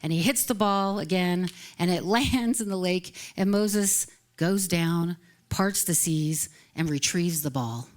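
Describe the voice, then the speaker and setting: A woman's voice: fairly low pitch, slow. A woman minister giving a casual live sermon, chatty and light, often laughing between phrases. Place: live service at a spiritual center.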